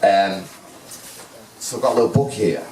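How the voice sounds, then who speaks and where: A man's voice: lowish voice, animated, normal speed, darkish tone, a little hiss or hum. A man giving a joking, self-mocking groom's speech at a wedding reception. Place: wedding reception hall with guests. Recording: echoey hall, heard from a distance, with a crowd.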